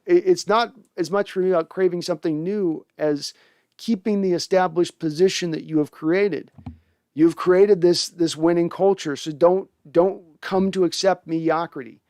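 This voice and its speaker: A man's voice: a little high, unhurried, a little mellow, smooth, dry recording, clean studio sound. Opinionated man talking football. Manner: conversational, opinionated, frequent restarts. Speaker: sports podcast host reading viewer comments. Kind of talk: casual fan commentary.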